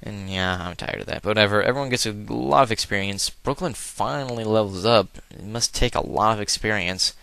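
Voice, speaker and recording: A man's voice: on the low side, brisk, gravelly, few pauses, a bit bright, clean tone, dry recording. A man giving offhand, rambling commentary over a video game, cracking crude jokes and trailing off into mumbled asides. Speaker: let's play commentator. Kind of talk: casual gameplay commentary.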